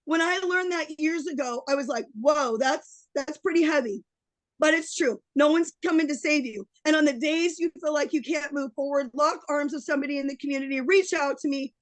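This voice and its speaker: High-voiced fiery midlife woman coach. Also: no echo, low-quality recording. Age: middle-aged. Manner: impassioned, emotional, preachy. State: losing her voice. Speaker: online business coach. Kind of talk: motivational webinar pep talk.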